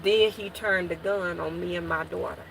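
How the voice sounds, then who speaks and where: A woman's voice: on the low side, steady tone, normal speed, gravelly, a little hiss or hum. A woman telling an emotional personal story to her viewers. She restarts and repeats herself as she relives it, and she keeps calling out to her listeners.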